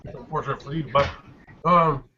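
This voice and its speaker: A man narrating a tabletop game as game master, describing scenes with halting fillers and restarts. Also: on the high side, fairly even intonation. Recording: dull lo-fi recording, faint noise.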